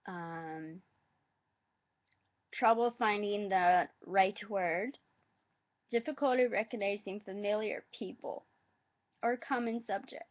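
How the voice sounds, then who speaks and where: Woman vlogger, unhurried halting read, dull lo-fi sound. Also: mid-range voice. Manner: halting, hesitant reading with asides. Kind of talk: reading facts aloud.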